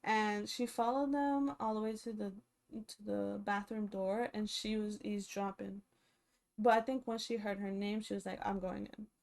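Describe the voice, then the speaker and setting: A young woman with a medium-pitched voice gives casual, animated commentary as a reality show vlogger, chatty and full of fillers.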